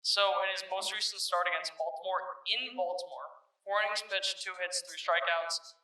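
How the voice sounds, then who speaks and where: High-voiced, bright, rambling podcast host. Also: male voice, steady tone, moderate pace, echoey room, recorded from a distance, poor audio. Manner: rambling, filler-heavy, self-correcting. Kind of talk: casual sports chat.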